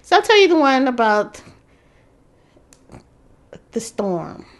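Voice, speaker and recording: A woman's voice: high voice, sing-song, slow, background noise. A middle-aged woman from St. Louis telling a personal ghost story in a casual, conversational way, with restarts and pointing out places as she goes. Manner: conversational, restarts and describes with gestures. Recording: music underneath.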